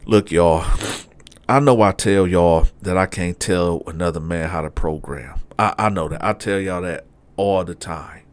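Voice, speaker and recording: A middle-aged man casually telling a story, swinging between loud acted-out voices and low hushed asides. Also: measured pace, smooth. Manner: animated, acts out other inmates in loud raised voices. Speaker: storyteller, channel host.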